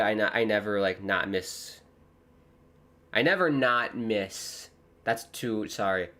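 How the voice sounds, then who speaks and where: A young man from the United States hosting a live football watchalong, chatting casually and joking, with sudden excited shouts. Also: medium pitch. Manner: rambling, jokey, breaks into excited shouts. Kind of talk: casual live commentary and chat.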